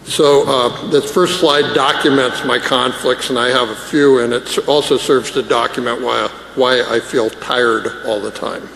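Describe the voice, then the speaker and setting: A man's voice: medium pitch, steady tone, a little slow, creaky, few pauses, fairly bright tone. Male scientist at a conference, emotional and joking, long hall reverb. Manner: emotional, self-deprecating, joking. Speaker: scientist speaker. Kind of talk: conference plenary talk. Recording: echoey hall with faint noise.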